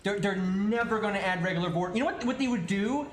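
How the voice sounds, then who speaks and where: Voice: medium pitch, fast talker, echoey room, soft background music. A streamer on a livestream, ranting, swearing and stammering out of exasperation. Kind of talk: livestream rant.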